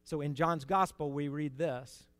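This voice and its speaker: A man preaching a sermon in an earnest, conversational way, rising to emphatic peaks and dropping to quiet asides. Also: a little high, fairly even intonation, measured pace, dry recording.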